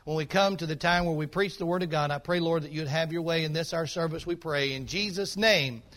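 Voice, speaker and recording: A male pastor preaching a sermon, telling a folksy, animated story and calling out to the congregation. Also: a little high, fairly quick.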